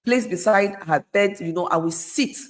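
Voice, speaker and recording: A woman's voice: medium pitch, moderate pace. A middle-aged woman, speaking as a guest in an earnest, conversational way and repeating phrases for emphasis. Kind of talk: conversational advice talk.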